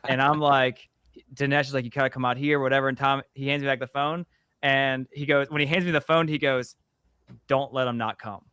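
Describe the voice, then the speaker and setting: A comic creator telling stories in a lively, swearing manner, playing out everyone's lines. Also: male voice, medium pitch, brisk, clean tone, no echo, studio quality. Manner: lively, profane, acts out quotes. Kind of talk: casual storytelling chat.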